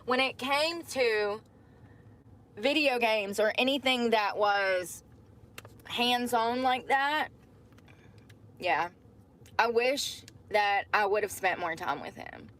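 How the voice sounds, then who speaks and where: Casting: woman, slightly high voice, chatty livestream storytelling, talks straight to viewers. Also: takes it slowly, pauses often, fairly bright tone. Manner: chatty, addresses viewers as y'all.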